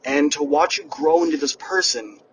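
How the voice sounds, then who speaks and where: A young man hosting a podcast and giving a lively motivational monologue, speaking straight to his listeners. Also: fairly high pitch, moderate pace. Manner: energetic, addresses listeners directly. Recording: distant mic with background noise, poor audio.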